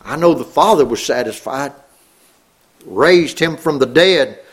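A middle-aged man preaching a sermon, earnest, rising on key words and dropping low. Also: animated, a little slow, slightly rough.

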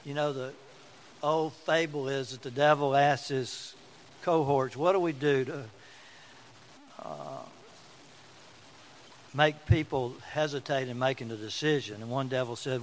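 A man's voice: mid-range voice, steady tone, measured pace, long pauses, a little hiss or hum, low-quality recording. A man preaching a sermon as pastor, telling folksy stories and repeating words for emphasis.

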